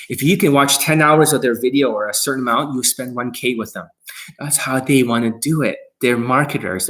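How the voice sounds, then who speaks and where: A man's voice: mid-range voice, fairly bright tone. A man coaching viewers on dating in a livestream Q&A, talking bluntly and aggressively, swearing often and speaking straight at his audience. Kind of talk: profane livestream Q&A rant.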